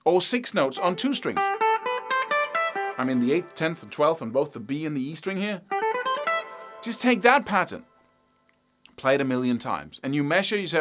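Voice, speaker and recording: A man's voice: on the high side, animated, normal speed, pauses often. A middle-aged man teaching guitar in a casual, blunt, emphatic way, often singing rhythms as "da da da". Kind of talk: casual spoken guitar lesson.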